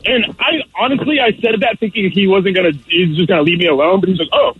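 A man in his thirties telling an animated, excitable story as a caller on a radio show, over a phone line. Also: high voice, fast talker. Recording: tinny phone line with faint noise.

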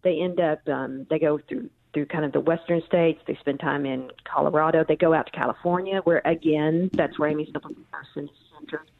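A woman's voice: low voice, fairly even intonation, a little fast, gravelly, few pauses. A woman author explaining history as a guest, telling stories with frequent ums. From central Missouri. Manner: thoughtful storyteller with frequent ums. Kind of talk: phone interview. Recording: tinny phone line.

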